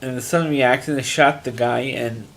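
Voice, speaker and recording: A man talks through the plot of a crime drama episode in a loose, rambling way, circling back and restarting his sentences as he goes. His voice sits at an ordinary middle pitch, and his delivery is unpolished and conversational. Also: fairly even intonation, moderate pace, a bit bright. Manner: rambling, frequent restarts and fillers, plain-spoken. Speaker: TV episode reviewer. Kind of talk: casual recap monologue.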